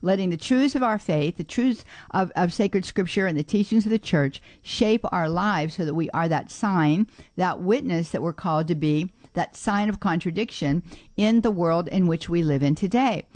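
A woman's voice: lowish voice, normal speed, dry recording. Chatty woman hosting a call-in show. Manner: warm, chatty and exclamatory. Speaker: radio host. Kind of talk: Catholic call-in radio show.

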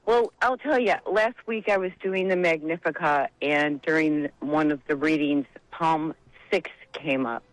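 Calling in by phone to a religious radio show, a woman gives an emotional testimony, rambling heartfeltly and tearfully about grief and faith. Her voice sits low and unhurried, and the recording is dry and of poor quality.

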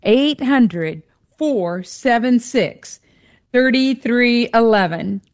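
A woman co-hosting a radio pledge drive, upbeat and teasing, repeating the phone number slowly for listeners. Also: fairly high pitch, expressive, dry recording, studio quality. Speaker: radio fundraiser co-host.

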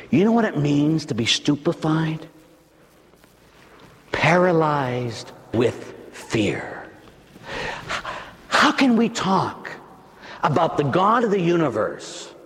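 Dramatic, lively preaching man. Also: fairly high pitch, creaky, big-room sound. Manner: dramatic, emphatic, building to shouts. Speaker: priest. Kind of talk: sermon.

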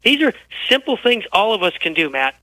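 Bright, high-voiced energetic man. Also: fairly quick, no room sound, poor audio. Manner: energetic, animated storyteller. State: feeling unwell. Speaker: guest, author. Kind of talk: radio interview, storytelling.

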